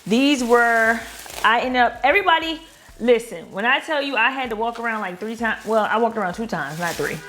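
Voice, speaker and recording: A woman's voice: a little high, lively intonation, a little fast, a bit bright, a little hiss or hum. Chatty Baltimore woman vlogging. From Baltimore, Maryland. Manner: chatty, addresses viewers as "girl" and "y'all". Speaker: lifestyle vlogger. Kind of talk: casual vlog chat.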